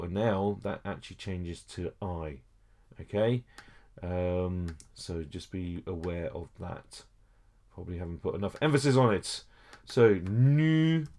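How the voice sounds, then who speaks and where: A man with a low, warm voice gives a French lesson via screen recording, walking through every step patiently, peppered with "okay" and brief hesitations.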